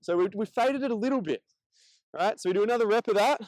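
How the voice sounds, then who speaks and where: High-voiced upbeat male dog trainer. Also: expressive, fast talker, a little mellow, dry recording, poor audio. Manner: coaching, upbeat praise to the dog between explanations. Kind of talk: instructional demonstration.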